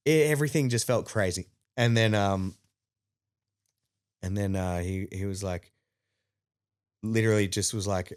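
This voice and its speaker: Lively Australian man telling a story. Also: moderate pace, pauses often, clear, resonant tone, no echo, clean studio sound. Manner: animated, acts out quotes with rising pitch, many fillers. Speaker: podcast guest. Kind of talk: casual storytelling.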